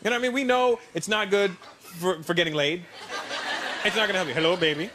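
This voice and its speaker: A man doing a stand-up routine on stage, talking straight to the crowd in an animated, confiding way. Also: high-pitched, quick pace. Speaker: stand-up comedian. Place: stage in front of a live audience. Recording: noisy played-back stand-up clip.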